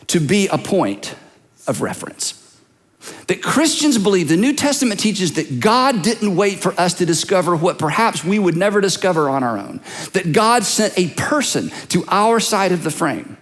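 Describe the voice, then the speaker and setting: High-voiced pastor in a reverberant hall. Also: male voice, a bit bright. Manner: conversational, teasing, direct questions to listeners. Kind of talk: sermon. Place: large church auditorium.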